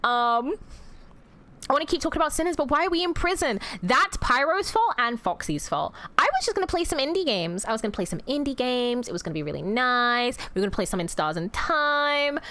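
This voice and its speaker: A woman's voice: sits high, very animated, a little fast, sharp tone. A woman streamer chatting casually with her viewers, teasing them in theatrical mock-villain banter and swearing freely. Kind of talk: casual livestream chat with viewers.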